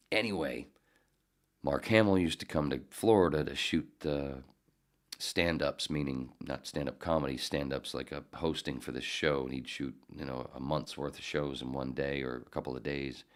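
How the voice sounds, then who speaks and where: Very deep-voiced man telling rambling stories. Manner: profane, digressive, self-correcting. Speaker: podcast host, former radio producer. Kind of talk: casual rambling storytelling.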